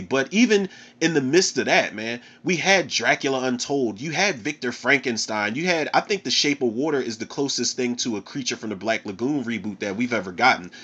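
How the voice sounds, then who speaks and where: A man's voice: mid-range voice, fairly bright tone. A man hosting a podcast, talking about movies in a loose, profane casual chat and often saying "man". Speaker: podcast host and movie reviewer. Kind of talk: casual movie review talk. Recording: slightly dull lo-fi audio.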